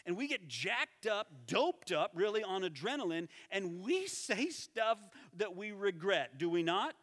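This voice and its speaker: A man preaching a sermon as pastor, conversational and animated, dropping to soft tones for emphasis. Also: high voice, a little slow. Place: church sanctuary. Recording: reverberant hall.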